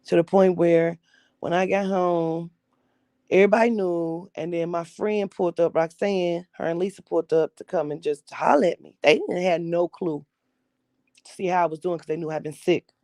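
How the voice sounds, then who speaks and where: Young woman w/ a gravelly low-key dark voice, blunt storytelling, cusses a lot, dry close sound. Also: moderate pace, no room sound. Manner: blunt, profane, acts out quoted voices. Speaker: vlogger telling her life story. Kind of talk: candid personal storytelling.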